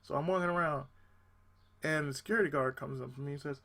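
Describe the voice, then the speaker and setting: A man hosting his channel, telling a personal story as a casual rant. He is animated and exasperated and swears freely. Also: a little high, quick pace, creaky.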